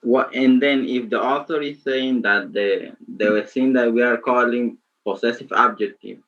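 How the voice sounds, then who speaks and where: A man's voice: medium pitch, unhurried, fairly bright tone, dull audio. A male student asking the professor a hesitant question in class.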